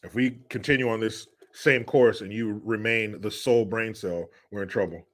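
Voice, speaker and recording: A man's voice: on the low side, fairly even intonation, normal speed, fairly bright tone. A man hosting a casual livestream, reading out viewer donations with joking, sarcastic remarks and frequent laughter.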